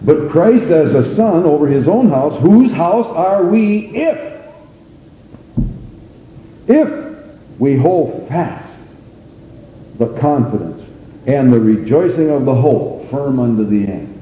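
Man, pastor, fervent sermon, dark mellow tone, booming church echo, long reverb. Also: very animated, a little slow. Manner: fervent, rising to high exclamations, calls for amens.

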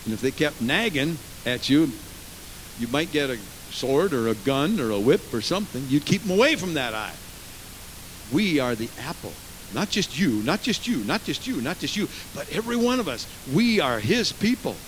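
A man preaching a sermon in church as pastor, emphatic, with rhetorical questions to the congregation and big swings in pitch and volume. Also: very animated, normal speed, a little hiss or hum, rough recording.

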